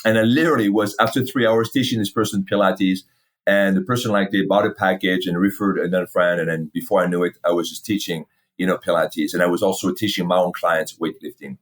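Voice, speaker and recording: Middle-aged guy on a podcast, fitness founder, swears a lot, kinda low voice, acts out the back and forth. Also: a little fast. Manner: animated, swears freely, acts out past dialogue. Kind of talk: casual storytelling interview.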